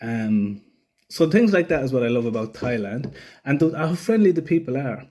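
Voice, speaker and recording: A man's voice: medium pitch, very animated, normal speed, dark tone. A young man telling a story casually, rambling, swearing freely and acting out other people's lines. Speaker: vlogger.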